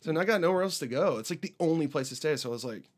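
A man telling a story in casual chat as a musician guest, animated and acting out the people in it. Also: racing. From United States. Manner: animated anecdote teller, voices border guards with raised pitch.

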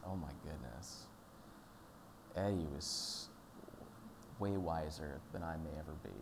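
A man giving a sermon at church in a relaxed, conversational, storytelling manner. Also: sits low, background noise. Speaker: pastor.

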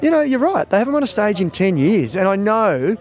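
A man co-hosting a podcast in easy, joking chat. He laughs often and teases his partner, in a slightly higher voice than most men. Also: very animated, brisk, darkish tone. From Australia. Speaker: podcast co-host. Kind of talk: casual chat.

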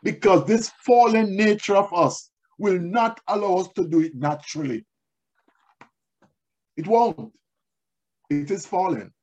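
A man's voice: sits high, unhurried, long pauses, darkish tone, lo-fi sound. A man preaching a sermon as pastor, telling personal stories and repeating key phrases for emphasis. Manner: tells personal stories to make points.

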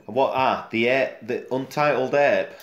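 A man's voice: medium pitch, a little slow, highs cut off. Chatty Yorkshire man in a roomy space. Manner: relaxed and chatty, with trailing fillers. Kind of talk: casual chat about comics. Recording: roomy echo.

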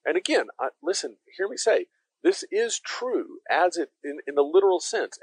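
A man's voice: on the high side, sing-song, normal speed, slightly rough, dry recording, poor audio. A man preaching a conversational sermon as pastor, emphatic and speaking directly to his listeners.

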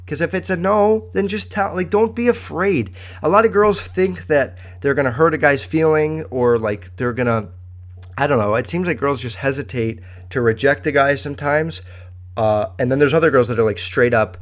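A man's voice: on the high side, normal speed. A man hosting a podcast in casual chat, rambling, candid and profane. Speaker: podcast host.

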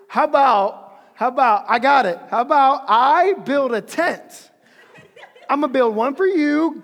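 A preacher voicing an awkward, nervous male apostle who laughs and stammers loudly to fill a silence. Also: mid-range voice, big-room sound.

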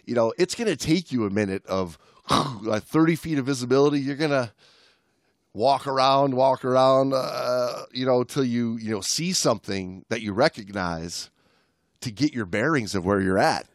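This man co-hosts a history podcast, his medium-pitched voice moving at a moderate pace in clean, studio-quality audio with no room sound. He chats loosely and reads a rescue account aloud, relaxed and prone to fillers and restarts.

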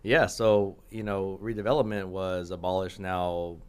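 A young man with a very low, smooth and resonant voice, speaking as a city council member in a radio studio. He explains civic funding earnestly, full of "um"s and quick restarts. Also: little pitch movement, a little mellow. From California. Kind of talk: radio interview.

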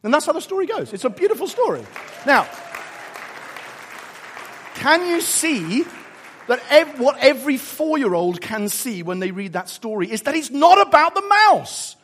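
A preacher delivers his sermon with emphatic, animated storytelling. His voice sits high for a man and leaps around constantly, rising for emphasis and dropping low for prayer. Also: moderate pace, some chatter behind, slight background noise.

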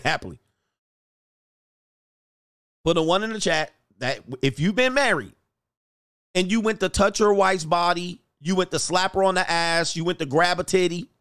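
Brief: middle-aged male stream host, slightly high voice, loose, laughs a lot, acts out bits. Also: a bit bright, no room sound, studio quality. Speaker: livestream host reading chat comments. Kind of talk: casual livestream chat.

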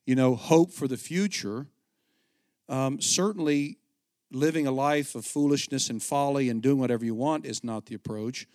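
A middle-aged man, a pastor, preaching a conversational sermon with animated storytelling and frequent restarts. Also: mid-range voice, moderate pace, no room sound, studio quality.

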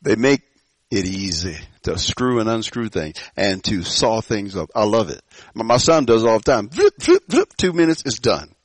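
A man preaching a sermon to a church, swinging between loud rising calls and quiet low asides, with frequent stammering restarts. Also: animated, normal speed, dry recording. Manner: preaching with sudden loud rises and soft drops. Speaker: pastor.

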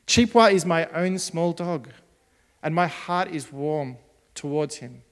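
A man telling a story for children in a gentle, expressive, unhurried way. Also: fairly high pitch, long reverb tail.

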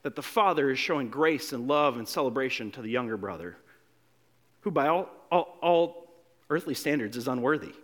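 A pastor preaching a sermon, animated, acting out the quotes he reads and dropping from loud to hushed, often repeating words as he restarts. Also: mid-range voice, normal speed.

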